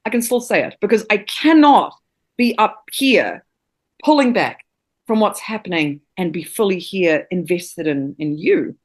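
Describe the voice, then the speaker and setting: A woman's voice: on the low side, expressive, moderate pace. A woman in her thirties from New Zealand, a guest on a podcast, talking passionately about acting with vivid images and casual swearing. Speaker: actor and acting teacher guest. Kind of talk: casual interview chat.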